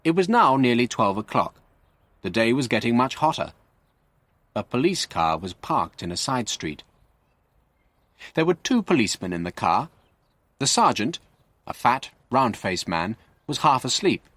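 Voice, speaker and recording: A male storyteller reads a simple story for English learners. His delivery is very slow and carefully clear, and his pitch moves a lot to bring the story to life. The recording is dry and close. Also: very animated, a bit bright, dry recording. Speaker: narrator. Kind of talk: graded-reader story narration for English learners.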